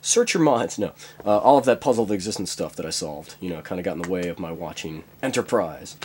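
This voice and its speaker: A man's voice: low voice, expressive, quick pace, noisy background. A man rambling through a comic monologue, full of fillers and chuckling at his own jokes.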